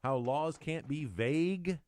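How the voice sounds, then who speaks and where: A man's voice: fairly high pitch, slow, darkish tone, dry recording, studio quality. A man co-hosting a talk show, reading news stories aloud with mocking, sarcastic asides. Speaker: radio show co-host. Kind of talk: opinionated talk show chat.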